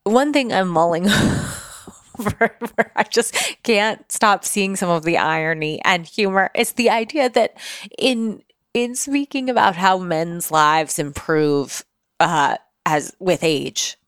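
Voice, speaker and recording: A woman in her mid-thirties hosting a casual podcast, chatty and quick to laugh. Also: fairly low pitch, fairly bright tone, smooth, no room sound, clean studio sound. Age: 30s. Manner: chatty, laughs easily, many affirmations. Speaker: podcast host.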